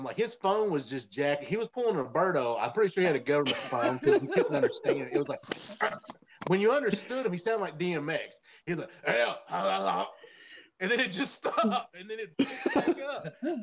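Animated high-voiced man telling stories. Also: a little fast. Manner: storytelling, laughing, profane. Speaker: podcast co-host. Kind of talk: casual chat.

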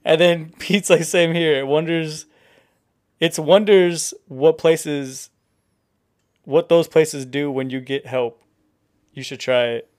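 A man's voice: on the high side, fairly even intonation, takes it slowly, pauses often, a little mellow. A man co-hosting a podcast, talking in a laid-back way with swearing and reading texts aloud. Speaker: podcast co-host. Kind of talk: casual chat.

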